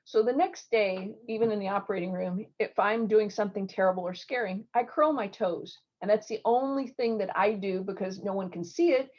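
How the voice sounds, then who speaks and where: A middle-aged woman surgeon giving interview advice in an online talk, telling stories lively and acting out the people she quotes. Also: mid-range voice, fairly quick, hardly any pauses. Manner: lively storytelling with acted quotes. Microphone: video call. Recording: dull lo-fi video call audio.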